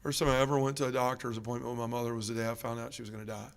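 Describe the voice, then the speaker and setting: A man's voice: medium pitch, little pitch movement, very fast, vocal fry. A man giving an emotional personal testimony at a parish mission, telling his story with feeling. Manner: emotional storytelling, rising loud when reliving arguments. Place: church. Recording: echoey church with long reverb.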